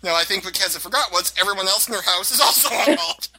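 An American man hosts a casual podcast chat, his pitch swinging widely as he rambles through stories and breaks into laughter. Voices of a crowd murmur behind him. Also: rough recording. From United States. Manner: rambling, laughs often, self-deprecating. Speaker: podcast host.

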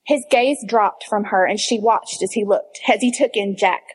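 A woman reading fan fiction aloud, expressive, at times breaking into laughter and asides. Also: medium pitch, normal speed, breathy edge. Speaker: reader.

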